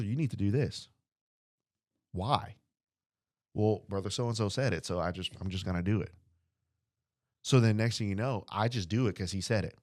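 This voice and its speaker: Earnest low-voiced man preaching. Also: a little mellow, no room sound, clean studio sound. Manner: earnest, repeats phrases, asks the listeners questions; acts out short dialogues. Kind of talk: podcast sermon teaching.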